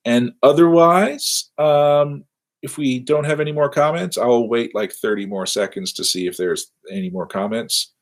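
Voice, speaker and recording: A man's voice: medium pitch, normal speed. A man lecturing from his office over a webcam, rambling and self-deprecating with wry asides. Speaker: university lecturer. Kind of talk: casual livestreamed lecture wrap-up.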